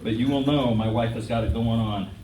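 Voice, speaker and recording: A man's voice: mid-range voice, fairly even intonation, a little fast, background noise. A man giving a funny retirement speech on an auditorium stage, telling stories and laughing often. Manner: joking storyteller, laughs often. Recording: roomy auditorium sound from a distance.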